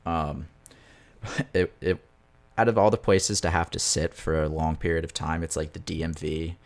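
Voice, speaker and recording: A man's voice: very deep voice, fairly even intonation, moderate pace. A young man, a podcast co-host, telling a story in a rambling, casual way and swearing freely.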